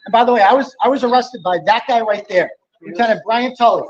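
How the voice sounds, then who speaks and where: A man's voice: very high voice, fast talker, dull audio. A man, an independent reporter, giving a defiant, emphatic statement to the press outside a courthouse. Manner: defiant, emphatic, talking over a crowd of reporters.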